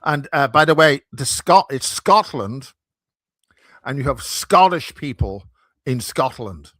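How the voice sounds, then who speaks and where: A man with a Belfast accent from Northern Ireland, a conference founder, chats casually as a guest over a video call from his home in Wiltshire. He rambles, jokes, and interrupts himself. His medium-pitched voice is a bit bright with lively intonation, slow, and there's no room sound.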